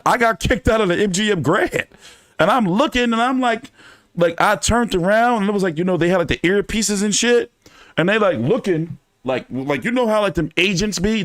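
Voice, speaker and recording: A man hosting a casual fan chat, telling stories in an animated, profane way with many fillers. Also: high-pitched, no room sound, clean studio sound. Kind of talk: casual storytelling to a live chat.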